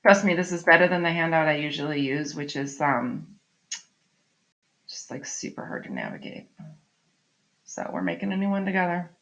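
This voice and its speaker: A woman's voice: low voice, very animated, normal speed, long pauses, fairly bright tone. A middle-aged woman teacher giving a recorded online literature lesson, explaining in a chatty way and often checking in with "right?". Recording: slightly dull lo-fi audio.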